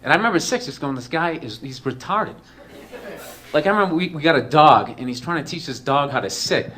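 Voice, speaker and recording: A man's voice: on the high side, animated, racing, fairly bright tone. A man telling a comedic personal story in a rambling, profane way, full of "like" and "you know".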